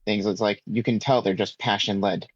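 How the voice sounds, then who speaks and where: A man co-hosting a podcast in casual chat, relaxed and thinking aloud with plenty of fillers. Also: fairly low pitch, normal speed, slightly rough, no room sound, dull audio. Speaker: podcast co-host.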